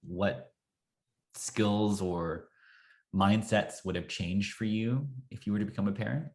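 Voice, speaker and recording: A man speaking as a podcast guest in a musing, animated conversational way. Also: on the low side, a little slow. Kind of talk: conversational interview.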